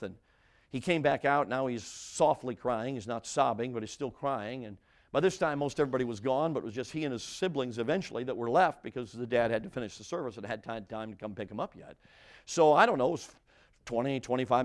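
A male preacher tells a story from the pulpit at an ordinary middle pitch. He builds to loud, emphatic lines, then drops almost to a hush, and he often repeats phrases and restarts them. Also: fairly quick. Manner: dramatic, swings from loud to hushed. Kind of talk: sermon storytelling.

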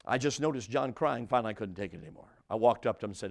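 A man preaching a sermon as a story, repeating phrases and restarting, dropping from loud, emphatic lines to hushed ones. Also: fairly low pitch, expressive, racing, gravelly. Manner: dramatic, swings from loud to hushed.

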